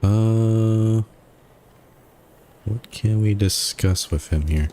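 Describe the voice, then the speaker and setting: A man's voice: fairly low pitch, extremely slow, warm tone, slight background noise. A man playing a game and thinking aloud as he commentates, reading and weighing the options. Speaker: gamer. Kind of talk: let's play commentary.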